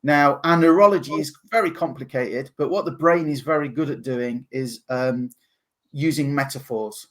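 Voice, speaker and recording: An English man talking as a podcast guest, animated and laughing often as he acts out other people's voices. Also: mid-range voice, normal speed. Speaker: guest, NLP practitioner. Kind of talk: podcast interview.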